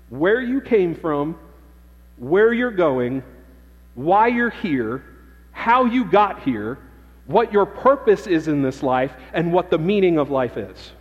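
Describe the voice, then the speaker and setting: A pastor with a high, husky voice preaches a sermon to his church, emphatic and repeating key phrases for emphasis. The recording from the sanctuary is dull and lo-fi, with long church reverb.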